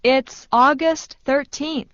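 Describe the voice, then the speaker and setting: Very slow woman reading English phrases. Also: high-pitched, no room sound. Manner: slow, even repetition of each phrase. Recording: dull dry studio sound.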